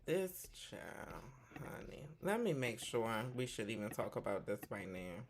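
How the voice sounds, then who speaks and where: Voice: mid-range voice, big pitch swings, normal speed, crowd noise. A host giving casual commentary in a sassy way, peppering the talk with "child" and "honey".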